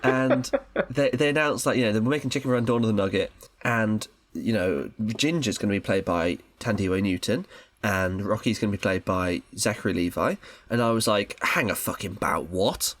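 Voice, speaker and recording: A man's voice: lowish voice, moderate pace, dry recording. A man co-hosting a film podcast, chatting casually and rambling with lots of fillers. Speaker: podcast co-host.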